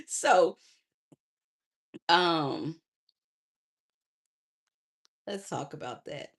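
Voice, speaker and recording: A middle-aged woman, a transformational coach, giving a lively motivational live stream, preaching and calling viewers honey and baby. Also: medium pitch, normal speed. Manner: preachy, warm endearments to viewers; chatty, laughs often.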